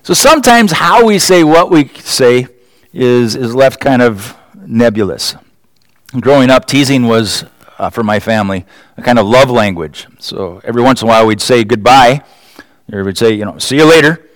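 A man's voice: mid-range voice, animated, moderate pace, no echo. Chuckling, conversational male preacher. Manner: conversational, asks rhetorical questions, chuckles often. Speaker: pastor. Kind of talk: sermon.

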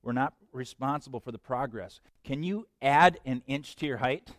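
A man preaching a sermon as pastor, swinging between hushed lines and loud bursts. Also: medium pitch, moderate pace, no echo, studio quality.

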